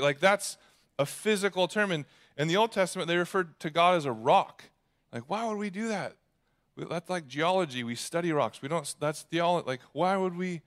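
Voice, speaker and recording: Preaching with jokes and acted asides, a young pastor keeps his sermon conversational. His voice is fairly high and fairly bright, with lively intonation at a normal speed.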